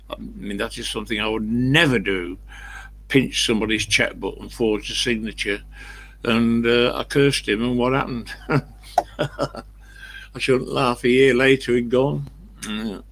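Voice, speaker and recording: A man's voice: mid-range voice, creaky, a bit bright, rough recording. An older man chatting casually and bluntly with livestream viewers, rambling through anecdotes. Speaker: livestream host.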